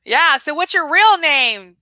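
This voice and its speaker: An enthusiastic, chatty woman co-hosts a casual live-stream podcast. Her voice sits a little high and sounds bright and forward. The recording is dry and close. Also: animated, a little slow, dry recording. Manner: enthusiastic, chatty, laughs often. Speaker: podcast co-host.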